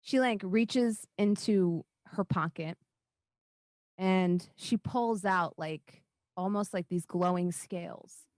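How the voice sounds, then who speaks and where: Slow, halting woman game master. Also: lowish voice, darkish tone, dry recording. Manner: halting, full of fillers like "like". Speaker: dungeon master. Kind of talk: narrating a tabletop game.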